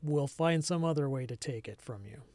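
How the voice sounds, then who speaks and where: Man doing a brusque noble duke, authoritative, demanding, a bit high, very dry sound. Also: normal speed, a little mellow, no echo, close to an everyday voice. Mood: curt.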